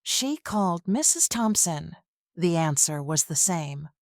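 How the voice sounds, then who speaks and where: A woman narrating a dramatic family story in an even, measured reading style. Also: fairly low pitch, dry recording, studio quality. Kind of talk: scripted narration.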